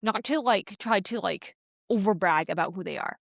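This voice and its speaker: A woman co-hosting a podcast in casual chat, sick at the time, chatty and animated with lots of filler words. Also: mid-range voice, moderate pace, creaky, dry recording, clean studio sound. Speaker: podcast co-host.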